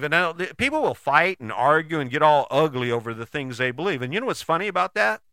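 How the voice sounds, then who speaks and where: Guy doing a folksy pep talk, keeps saying right?, kinda high voice, super dry sound. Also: lively intonation, quick pace, few pauses, pushed and bright, dry recording. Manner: folksy, acts out quoted people in short bits; often tags sentences with "right?". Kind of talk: casual motivational talk to camera.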